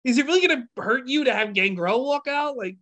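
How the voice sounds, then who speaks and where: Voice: high voice, expressive, brisk, a bit bright. A podcast co-host ranting in casual chat about wrestling, full of fillers. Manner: ranting, trailing off, many fillers like "like".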